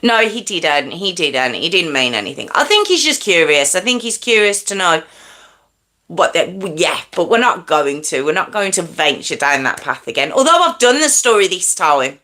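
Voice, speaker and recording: Bright-voiced woman chatting on a livestream. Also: big pitch swings. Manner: chatty, warm to viewers, quick pitch jumps when teasing. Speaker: true crime livestream host. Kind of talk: casual live chat reading comments.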